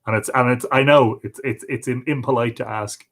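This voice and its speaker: A man's voice: mid-range voice, steady tone, brisk, fairly bright tone. Irish man greeting viewers live. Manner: friendly, greets viewers by name, reads their comments aloud. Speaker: livestream host reading viewer comments. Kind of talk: casual live chat.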